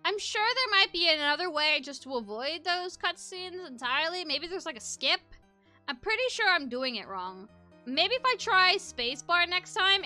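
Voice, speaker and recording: A woman giving let's play commentary, reacting to the game with excitable, flustered exclamations. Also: high voice. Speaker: gameplay commentator.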